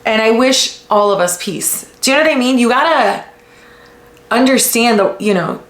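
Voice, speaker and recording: American woman ranting casually on her podcast, cusses a lot, kinda high voice, roomy echo. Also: normal speed. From United States. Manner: blunt, heavy swearing, animated retellings. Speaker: podcast host. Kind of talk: casual commentary. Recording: echoey room.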